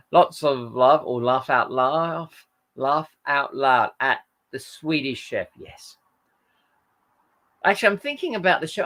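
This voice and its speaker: Guy chatting on a livestream, tired, rambly, mid-pitch voice, keeps losing his thread. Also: a bit bright. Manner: rambling, hesitant, with frequent fillers and self-corrections. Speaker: livestream host reading viewer comments. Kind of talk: casual chat.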